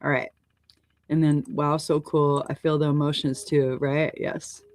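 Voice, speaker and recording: A woman hosting a live oracle card reading. She speaks gently and affirmingly, wandering and restarting phrases as she describes what she senses. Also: low voice, level tone, measured pace, no echo. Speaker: show host and oracle card reader.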